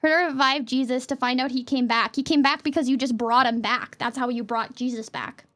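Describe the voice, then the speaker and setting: A young adult woman streaming as a VTuber, chatting casually and playfully with her chat in quick jokey asides. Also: high voice, steady tone, fairly bright tone.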